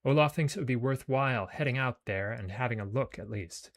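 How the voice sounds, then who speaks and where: A man's voice: medium pitch, brisk. Man casually narrating his gameplay. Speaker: let's play host. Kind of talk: casual gameplay commentary and reading game text aloud.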